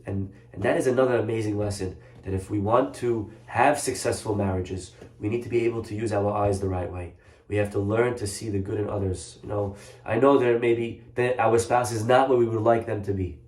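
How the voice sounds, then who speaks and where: A man giving a Torah class as a rabbi, earnest and animated, telling stories with acted voices. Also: lowish voice, echoey room.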